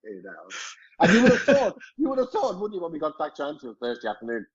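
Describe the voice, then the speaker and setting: Man, middle-aged, husky voice, swears a lot, chuckling storyteller, dull lo-fi audio. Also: fairly high pitch, wildly swooping pitch, fast. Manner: swears freely, chuckles through stories. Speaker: former footballer, guest. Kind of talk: casual anecdote telling.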